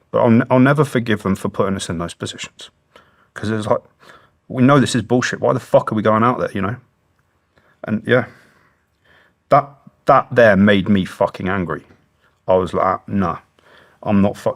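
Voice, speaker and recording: A middle-aged British man, a former soldier, telling war stories bluntly and emotionally in an interview, swearing heavily. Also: fairly low pitch. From Britain. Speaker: guest, former special forces soldier. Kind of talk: candid interview storytelling.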